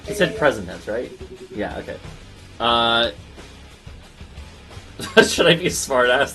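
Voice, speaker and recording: A man streaming a game in casual, profane commentary, laughing often and swinging between low mumbles and loud outbursts. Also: expressive, normal speed, long pauses, faint music behind.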